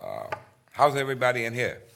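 A middle-aged man giving a speech to an audience, telling anecdotes with many "uh" pauses and acting out bits of other people's dialogue. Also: medium pitch, wildly swooping pitch, vocal fry, bright, forceful tone. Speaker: guest speaker.

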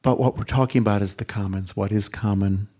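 A man introducing an author onstage, speaking slowly and deliberately, stretching words and sinking to a near-whisper for emphasis. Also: fairly low pitch, fairly even intonation, mellow. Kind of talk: reflective spoken introduction.

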